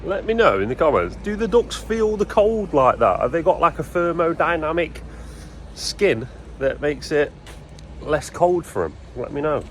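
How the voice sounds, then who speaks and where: Builder-vlogger, easygoing and talkative, speaking outdoors to a handheld camera with faint site noise. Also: male voice, fairly high pitch, animated, normal speed. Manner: chatty, keeps addressing viewers as "guys". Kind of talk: casual vlog talk to camera.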